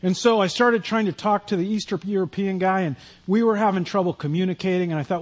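A man's voice: high-pitched, fast talker, few pauses. A man preaching a sermon, telling a self-deprecating personal story in a conversational way. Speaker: pastor.

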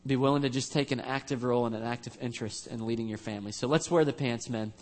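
Joking pastor telling a family story. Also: male voice, mid-range voice, fairly even intonation, fast talker. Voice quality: casual, joking, conversational. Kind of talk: storytelling sermon. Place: church.

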